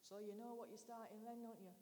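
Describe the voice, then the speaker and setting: A woman's voice: a little high, steady tone, fairly quick, warm tone. A middle-aged woman giving a conversational sermon in a church hall, telling homely personal stories in a chatty way. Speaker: preacher. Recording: echoey church hall with faint hiss.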